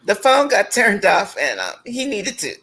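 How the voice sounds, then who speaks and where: A married woman chatting on an online call, telling a story with many pauses and ums. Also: medium pitch, sing-song, fairly bright tone, breathy edge, rough recording. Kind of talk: casual chat.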